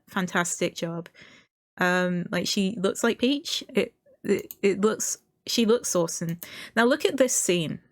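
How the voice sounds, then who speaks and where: A woman's voice: on the low side, no room sound. Chatty woman streamer, dry close sound. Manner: chatty, enthusiastic, frequent fillers and small laughs. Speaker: streamer reviewing a movie trailer. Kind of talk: casual commentary.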